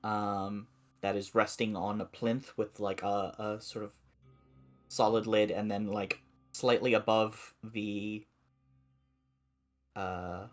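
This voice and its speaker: A man runs a tabletop game as game master, talking slowly and pausing often on fillers as he describes the scene. Faint instrumental music plays behind him. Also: lowish voice, little pitch movement. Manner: slow, halting description with many fillers.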